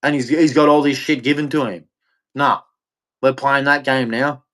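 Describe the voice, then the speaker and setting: With a mid-range, slightly bright voice and fairly even intonation, an Australian man rants on stream at normal speed. His angry tirade is full of profanity and repetition.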